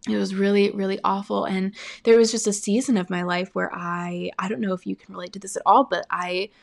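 A young woman recounts her personal testimony of faith, speaking earnestly and haltingly, with frequent pauses and "like". Her voice sits at a middling pitch with a noticeable gravelly fry in it. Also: level tone.

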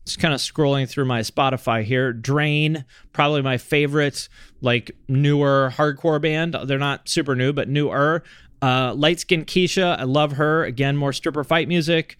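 Guy reading out listener questions and chatting loose, slightly high smooth voice, dry sound. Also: moderate pace, no room sound. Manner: relaxed, rambling, many fillers. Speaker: podcast host answering listener questions. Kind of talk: casual chat.

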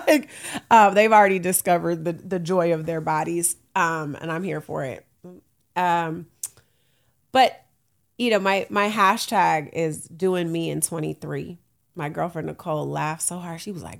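A woman's voice: low-pitched, moderate pace, vocal fry. A woman in her late thirties hosting a casual solo podcast, candid and uplifting, laughing often, with African American Vernacular English. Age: late 30s. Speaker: podcast host.

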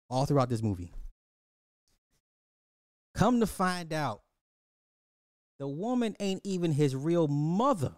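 A man's voice: fairly high pitch, big pitch swings, takes it slowly, pauses often, no echo, studio quality. A man hosting a podcast, animatedly recapping a movie, repeating phrases and acting out the characters. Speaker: podcast host. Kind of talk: casual movie recap commentary.

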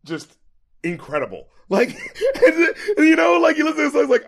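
A man hosting a casual podcast about rap albums, talking in an animated way, swearing and acting out lyrics in quick little voices. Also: sits high. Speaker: podcast host and rap critic.

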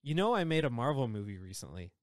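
A man putting on a dry, offhand older male movie star, drawling and deadpan. The podcast recording is close and dry, with no room sound. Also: medium pitch, fast talker, no room sound, natural voice. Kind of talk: celebrity impression in podcast chat.

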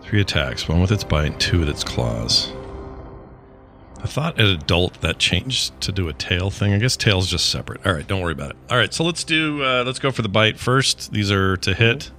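Low-voiced bright man playing a tabletop game. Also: creaky. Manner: animated, thinks aloud. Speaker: player.

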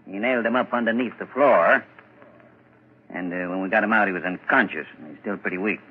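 A man playing a calm, folksy village constable in 1940s radio acting. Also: on the low side, fairly quick, husky. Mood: reporting. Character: easygoing male village constable. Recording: tinny old radio recording, faint hiss.

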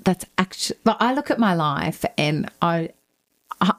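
A woman's voice: fairly low pitch, animated, measured pace. A woman pastor speaking earnestly in a casual chat about faith. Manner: earnest, affirming.

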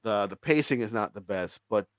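A man's voice: fairly low pitch, expressive, normal speed, no echo. A man co-hosting a movie review podcast in casual chat, emphatic, swearing freely and laughing often.

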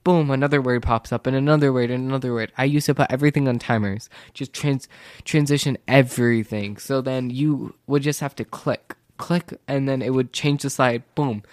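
A teenage male student telling a rambling, casual story, full of "like" and "literally," and growing animated when he feels wronged. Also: medium pitch, normal speed, no echo, clean studio sound.

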